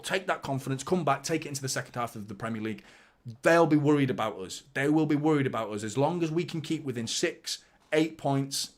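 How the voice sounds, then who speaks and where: A young man hosting a live football reaction stream, talking passionately, swearing freely and answering viewers' chat. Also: mid-range voice. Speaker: football fan channel host.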